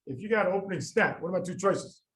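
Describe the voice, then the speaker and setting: Guy teaching a med class, pretty high voice, keeps calling on students and repeating stuff. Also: quick pace, fairly bright tone, rough recording. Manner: quizzing students by name, repeating key points. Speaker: medical exam tutor. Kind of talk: lively classroom teaching with drills.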